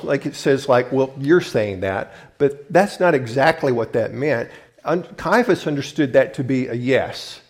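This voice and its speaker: A man preaching a sermon, emphatic and often restarting to rephrase his point as he urges listeners to look and listen. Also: fairly high pitch. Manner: restarts and rephrases mid-thought. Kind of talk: sermon teaching from scripture.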